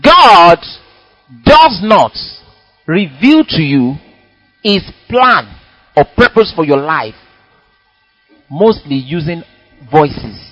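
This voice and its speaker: A high-voiced male preacher delivering a sermon in church, his pitch swinging widely as he dramatizes his points. The recording is dry and close, with faint music underneath. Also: breathy edge, dry recording, lo-fi sound. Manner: animated, dramatic preaching with acted-out quotes.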